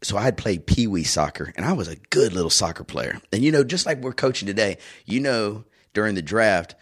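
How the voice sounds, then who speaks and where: A man's voice: lowish voice, fairly quick, husky. A middle-aged man co-hosting a casual podcast chat, telling childhood stories with plenty of fillers. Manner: animated storyteller, lots of fillers. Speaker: podcast co-host.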